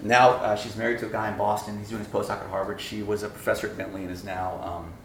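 A campus pastor with a fairly low voice preaches quickly in a lecture room, telling a story and acting out both sides of the dialogue with laughs. His sermon storytelling is animated. The sound is roomy with a little hiss or hum.

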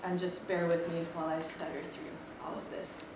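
A woman's voice: on the low side, flat delivery, fairly quick. Woman, 20s, from Maui, campus ministry speaker telling her testimony. Chatty, self-deprecating, filler-heavy. Far, roomy recording with background noise. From Maui, Hawaii. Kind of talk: personal testimony talk. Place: lecture room. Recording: echoey room, distant mic, background noise.

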